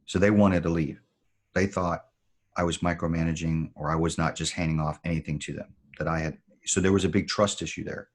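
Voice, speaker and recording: A man who served as a Marine, a podcast guest, telling a story in a measured, reflective way. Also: deep voice, steady tone. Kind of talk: storytelling in conversation.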